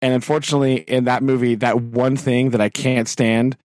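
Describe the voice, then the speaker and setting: Guy on a movie podcast, laughs a lot and gets all dramatic, dry close sound, mid pitch. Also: moderate pace, dry recording. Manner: animated, laughs often, exaggerated complaints. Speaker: podcast co-host. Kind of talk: casual movie chat.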